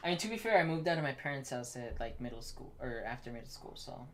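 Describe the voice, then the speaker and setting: A young man in easygoing podcast chat with a middle-pitched voice. He drops wry, teasing remarks at his co-host. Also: animated, fast, noisy background.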